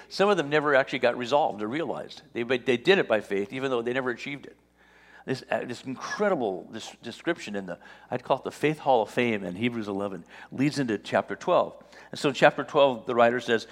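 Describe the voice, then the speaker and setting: A man's voice: mid-range voice, expressive, fairly quick, long reverb tail. A man preaching a sermon, telling stories with acted-out dialogue and rising in force as he reads scripture. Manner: storytelling, acts out dialogue, rises on scripture. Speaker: pastor.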